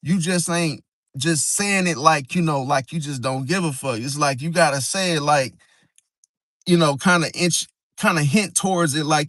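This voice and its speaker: A man's voice: on the high side, moderate pace, a bit bright, no echo, studio quality. A man in a casual monologue on astrology who talks in slang, rambles, and acts out quoted friends. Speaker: zodiac vlogger.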